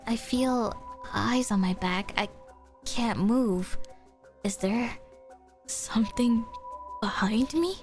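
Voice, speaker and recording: A woman streamer reading a visual novel's dialogue for a wary young man looking into ghost stories, lowering and slowing her voice. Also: darkish tone, faint music behind. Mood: tense.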